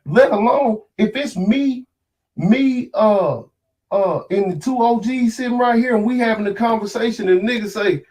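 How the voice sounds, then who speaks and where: A man's voice: very high voice, moderate pace, darkish tone, recorded from a distance. Fired-up guy ranting on a podcast, kinda off mic, swears a lot. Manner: angry, preachy, profane. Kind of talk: heated casual podcast talk.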